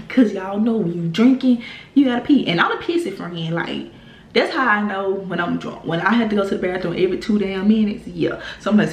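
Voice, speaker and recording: A woman's voice: medium pitch, a little fast, reverberant. A young woman tells a story in a casual, rambling way, with lots of swearing and filler words. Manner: animated, profane, rambling with many fillers. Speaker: vlogger telling a story.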